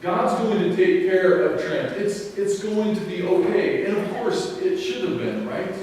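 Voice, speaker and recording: A male pastor giving a sermon, telling a personal story in an earnest, deliberate way. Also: high voice, darkish tone, slight background noise. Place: church sanctuary. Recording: echoey sanctuary, mic at a distance.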